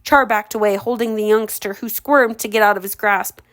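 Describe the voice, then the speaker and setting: A woman's voice: mid-range voice, fairly even intonation, normal speed, fairly bright tone. A woman reading a storybook aloud for a relative in an informal way, correcting her own slips and adding chatty comments. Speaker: audiobook reader for a relative. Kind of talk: casual read-aloud with commentary.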